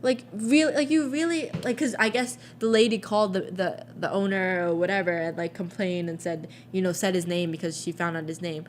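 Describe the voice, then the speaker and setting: Rambling young woman with a low voice. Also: fairly even intonation, fairly quick, hardly any pauses, a little hiss or hum. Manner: rambling storyteller, many fillers and restarts. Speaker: podcast co-host. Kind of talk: casual chat.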